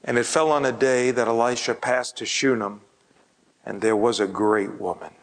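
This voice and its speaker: A man preaching, telling a personal story and often dropping to a hushed, breathy near-whisper. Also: medium pitch, fairly even intonation, normal speed, rough recording. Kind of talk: storytelling sermon.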